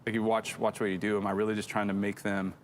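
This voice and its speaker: A man's voice: lowish voice, little pitch movement, fast talker, a little hiss or hum. A middle-aged man co-hosting a church show, telling a rambling, self-deprecating story in casual chat.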